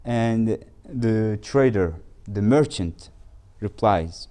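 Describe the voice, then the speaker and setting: A man whose first language is Turkish, telling a fable as an instructor in a lesson, halting and restarting his phrases often. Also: lowish voice, warm tone. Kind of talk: storytelling lesson.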